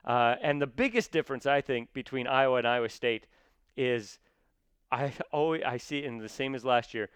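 A man, talking as a podcast guest in a casual, animated way with many fillers. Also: medium pitch, moderate pace, smooth, no echo. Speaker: guest, theater actor and sports commentator.

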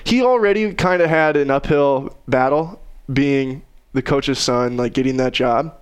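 A man's voice: mid-range voice, a little slow, clean tone. A young man co-hosting a casual sports chat, joking and rambling with lots of fillers. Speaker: podcast co-host.

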